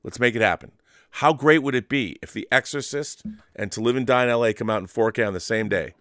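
Brief: male co-host, mid-pitched, chatty and rambling, cusses, dry close sound. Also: quick pace, no room sound. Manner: animated, rambling storyteller, swears. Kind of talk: casual chat.

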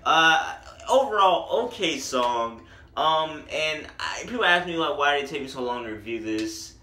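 Man reviewing music, animated and profane, lively high voice, echoey room. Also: normal speed, a little hiss or hum.

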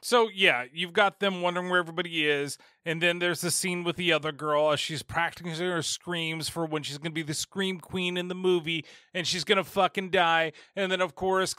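Bright-voiced sarcastic podcast guy. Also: high-pitched, fairly even intonation, normal speed, hardly any pauses, clear, resonant tone, no room sound, clean studio sound. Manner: rambling, profane, sarcastic. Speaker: podcast host. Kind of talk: casual film review.

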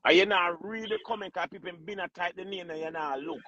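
A man with a Jamaican accent, bantering loudly and joking on a casual livestream, often breaking into laughter. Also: sits high, fast, no room sound, lo-fi sound. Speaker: livestream host.

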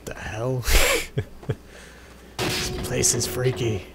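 A young man riffs through casual gameplay commentary, joking and chatting with the characters on screen. His voice is gravelly and his speech slow. Clear game sounds run behind him. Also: medium pitch, flat delivery. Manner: jokey, chatty, talks to enemies. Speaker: let's play gamer. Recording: game noise under voice.

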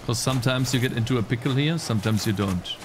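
A man streaming live gameplay, chatting to viewers and reacting excitably. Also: mid-range voice, quick pace, background noise. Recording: game music underneath.

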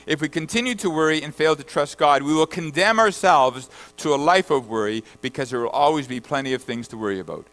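A man preaching in a fairly high voice, reading scripture verses aloud between his own points. He swings from loud, emphatic bursts down to low, quiet lines. A faint mains hum runs under the recording. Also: a little fast, hardly any pauses, poor audio. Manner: rises to loud emphatic bursts, then drops low and soft. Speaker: pastor. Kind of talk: sermon.

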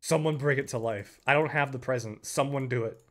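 A young man giving live commentary on a game, excitable, breaking into loud yells and laughter. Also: mid-range voice, fairly quick. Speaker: game streamer.

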